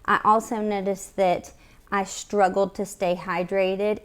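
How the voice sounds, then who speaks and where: A woman talks in a casual, candid vlog, chatty and full of little fillers. She is short of breath and her voice sits at an ordinary middle pitch. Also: level tone, takes it slowly, clean tone. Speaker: vlogger. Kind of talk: casual health vlog to camera.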